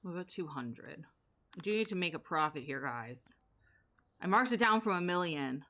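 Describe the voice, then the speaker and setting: A young woman streams a game live, riffing on it in a sarcastic, joking way. Her voice sits on the lower side but has a bright, forceful edge. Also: expressive, moderate pace. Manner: sarcastic, joking banter with chat. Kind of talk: casual live gameplay commentary.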